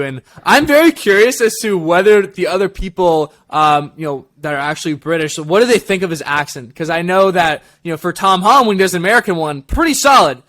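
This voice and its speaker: Laughing, rambling man reviewing a show. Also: high voice. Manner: laughs often, animated and rambling. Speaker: co-host. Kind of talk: casual review chat.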